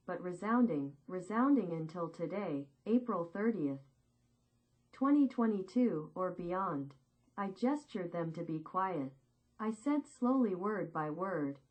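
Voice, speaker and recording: A woman reading a first-person war memoir as slow, measured, solemn scripted narration with deliberate pauses. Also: medium pitch, lively intonation, a little mellow, low-quality recording.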